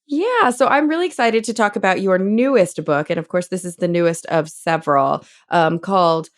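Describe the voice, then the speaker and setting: A woman's voice: fairly low pitch, moderate pace, dry recording, clean studio sound. A woman from Texas hosting a casual podcast interview, upbeat and laughing often. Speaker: podcast host.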